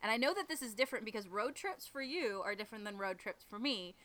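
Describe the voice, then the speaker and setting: A woman's voice: medium pitch, lively intonation, quick pace, fairly bright tone. A woman from the northern United States co-hosting a casual chat podcast, giggly and full of fillers. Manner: giggly, lots of fillers and laughter. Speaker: podcast co-host. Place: outdoors behind a garage.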